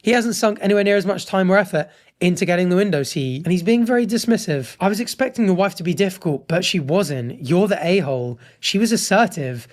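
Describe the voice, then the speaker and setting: Higher-voiced man judging posts aloud. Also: animated, brisk. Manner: reads posts aloud then reacts with frank opinions. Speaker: host reading and judging online posts. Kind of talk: casual commentary.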